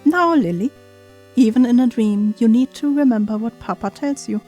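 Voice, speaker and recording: A woman's voice: high-pitched, sing-song, moderate pace, darkish tone, faint music behind. A woman voicing a stern, controlling father who insistently lectures his little daughter. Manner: insistent, admonishing.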